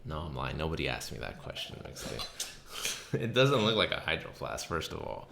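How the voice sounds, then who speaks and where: A man's voice: very deep voice, fairly quick, creaky, noisy background. A young adult man hosting a casual chat, telling stories with lots of swearing and laughter. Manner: animated storytelling, swears a lot, laughs often. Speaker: podcast host.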